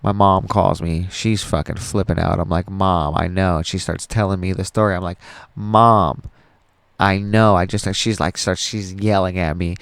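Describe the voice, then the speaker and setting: A man's voice: sits low, fairly even intonation, a little fast, creaky, few pauses, no echo. A man hosting a podcast, telling a personal story in a rambling, profane, casual way with frequent restarts. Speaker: podcast host.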